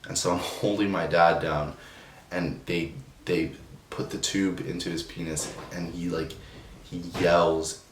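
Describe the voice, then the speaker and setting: A young man telling a personal story in a subdued, emotional way, halting with many restarts and fillers. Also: deep voice, fairly even intonation. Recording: roomy echo, distant from the mic, faint noise.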